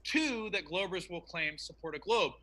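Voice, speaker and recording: A man speaking in an online debate over a remote call. His voice sits high and sounds very bright and sharp. He delivers his points in an emphatic, preachy way. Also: animated, moderate pace, poor audio.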